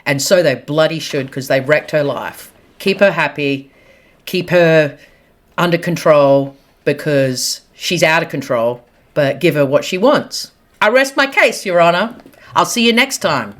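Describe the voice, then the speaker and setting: A woman giving a blunt, animated gossip monologue straight to camera, laughing at her own jokes. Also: deep voice, unhurried. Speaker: celebrity gossip vlogger. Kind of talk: casual opinionated monologue to camera.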